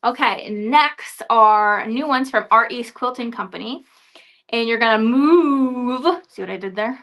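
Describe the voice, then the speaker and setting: A chatty young woman with a fairly high voice hosts a casual live showcase of quilt patterns. She stumbles over words and laughs it off. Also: normal speed, pushed and bright. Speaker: host presenting new quilting products.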